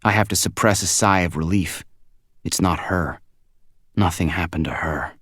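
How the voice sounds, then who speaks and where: A man narrating a first-person audiobook in a quiet, measured, inward way on a close studio mic. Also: low-pitched, no room sound.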